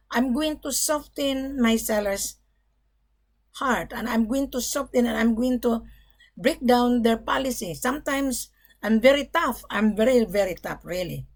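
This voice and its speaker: A middle-aged woman gold broker talking to camera in a blunt, emphatic monologue, often swearing "bloody". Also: fairly high pitch.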